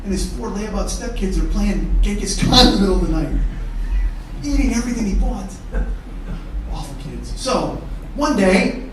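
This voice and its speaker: Man, stand-up comedian, very high voice, echoey theatre heard from a distance, faint crowd noise. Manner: profane, escalates to shouting in acted-out arguments. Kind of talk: stand-up storytelling. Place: theatre stage before a live audience.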